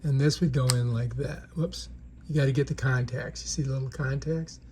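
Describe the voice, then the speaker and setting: A man's voice: mid-range voice, steady tone, a little fast, darkish tone, a little hiss or hum. A man giving a casual, chatty product demonstration in an indoor room, often checking in with the viewer. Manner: chatty, keeps checking in with "right?". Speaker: product reviewer.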